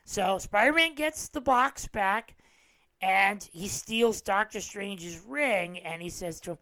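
A man's voice: sits high, slow, sharp tone, no room sound, low-quality recording. Rambling man recapping a movie. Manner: rambling, with many fillers and restarts. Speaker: podcast host.

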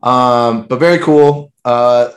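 A man's voice: mid-range voice, takes it slowly, reverberant. A man co-hosting a casual chat, with teasing and skeptical remarks. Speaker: podcast co-host.

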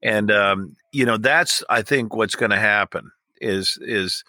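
A man's voice: lowish voice, measured pace, sharp tone, no room sound. A man guesting on a podcast who talks in a rambling, hesitant but enthusiastic way. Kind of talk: casual chat.

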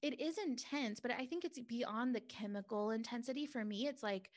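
A woman's voice: on the high side, normal speed. A young adult woman talking candidly and reflectively in a casual conversation, with many filler words. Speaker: guest.

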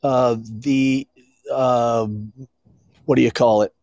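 A man from Maine co-hosts a casual podcast, speaking slowly at a mid-range pitch with a level, slightly mellow tone. The studio sound is clean with no room echo, and he tells rambling stories, acting out the quotes.

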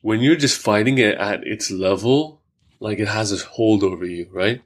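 Guy on a podcast, kinda low voice, thinking out loud with lots of likes and rights. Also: moderate pace. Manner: reflective, many fillers, talks through examples. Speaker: podcast host. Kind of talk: casual conversation.

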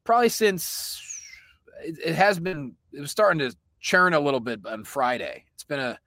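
A man's voice: a little high, animated, moderate pace, pushed and bright, no room sound, studio quality. A man from Pennsylvania co-hosting a casual comedy podcast, telling rambling stories and laughing often. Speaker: podcast co-host.

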